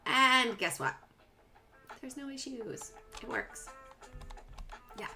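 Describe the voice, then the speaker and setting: A woman hosts a live stock market stream in an unhurried, drawn-out way, chatting playfully with her viewers as she walks through her charts. Music plays clearly behind her voice. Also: on the high side, lively intonation, pushed and bright. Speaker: livestream stock trading host. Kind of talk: casual live market commentary.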